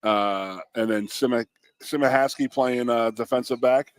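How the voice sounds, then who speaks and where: A man's voice: mid-range voice, a little slow, no room sound. A man co-hosting a sports radio show, telling blunt stories in casual banter. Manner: gruff storyteller, mimics voices, blunt. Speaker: co-host, former college football lineman.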